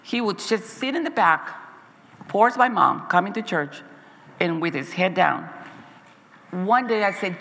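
A woman's voice: medium pitch, lively intonation, unhurried, creaky, pauses often, a bit bright, big-room sound. A woman Sabbath school teacher giving an earnest, heartfelt personal testimony to her church congregation, often restarting her sentences.

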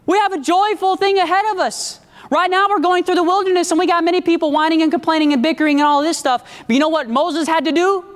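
A man preaching a sermon with emphatic call-and-response, his pace shifting often. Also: extremely high pitch. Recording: long echo of a large hall.

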